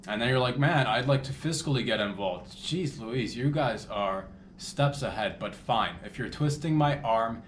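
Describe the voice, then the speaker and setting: A man's voice: mid-range voice, expressive, moderate pace, few pauses, roomy sound, a little hiss or hum. A man hosting a comedy podcast, rambling loosely with crude jokes and asides. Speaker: podcast host.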